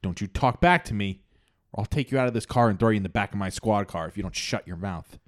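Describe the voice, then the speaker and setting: Bossy traffic cop, played by a man, brusque orders, lowish voice. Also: animated, a little fast, a little mellow, clean tone, no echo, clean studio sound, close to an everyday voice. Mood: stern. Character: stern small-town male traffic cop.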